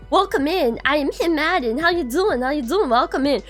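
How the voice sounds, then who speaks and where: A woman's voice: sits high, expressive, fairly quick, a bit bright, faint music behind. A young adult woman streaming, chatting casually and greeting her viewers by name, bubbly and swearing now and then.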